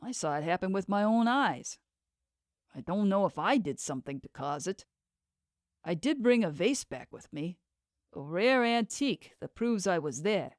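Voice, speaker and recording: Brooding guy professor read by a woman, earnest and worried, mid-pitched, dry close audiobook sound. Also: lively intonation, normal speed, dry recording, lightly acted. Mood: troubled. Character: male time-traveling professor, troubled.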